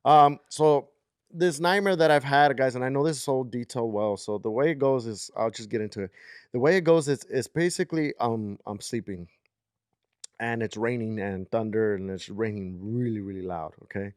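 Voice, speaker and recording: A man's voice: mid-range voice, normal speed, smooth, no room sound, studio quality. A man in his thirties co-hosting a podcast, telling a story in a rambling, casual way with many "like"s and "okay?"s. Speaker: podcast co-host.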